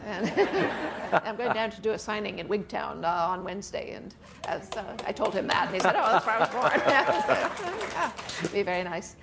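A woman with a medium-pitched, creaky voice and big pitch swings speaks at a moderate pace in a very noisy recording. She's a guest author on stage at a book festival with an audience, chatty, often laughing and filling gaps with "uh."

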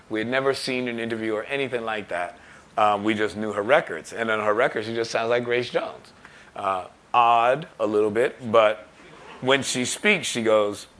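A musician telling a story in an interview, animated and laughing as he acts out other people's lines. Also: medium pitch, normal speed. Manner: animated storyteller, laughing, acting out quoted voices. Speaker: musician and record producer. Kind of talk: telling an anecdote.

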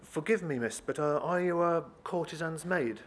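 A man's voice: on the high side, moderate pace, slight background noise, voice pushed up, close to an everyday voice. A man voicing a polite, awkward young Dutch clerk who talks hesitantly.

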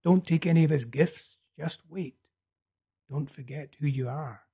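A man reading the part of a feverish young man urgently telling a vision, in a husky voice. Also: on the high side, unhurried, lo-fi sound. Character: feverish young male prophet, intense and urgent.

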